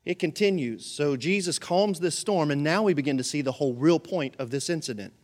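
A man preaching a sermon as pastor, telling the story with animated energy and bursts of shouting. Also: a little high, a little fast.

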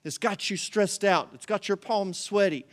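A man's voice: high-pitched, normal speed. A man preaching a sermon to a congregation, passionate, with repeated rhetorical questions and calls to the audience. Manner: passionate preaching, rising to near-shouts when voicing God. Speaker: pastor.

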